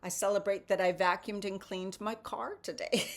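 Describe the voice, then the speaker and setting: A woman's voice: medium pitch, steady tone, normal speed. A woman hosting a casual motivational morning talk and reading tarot cards, chatty and often adding "right?".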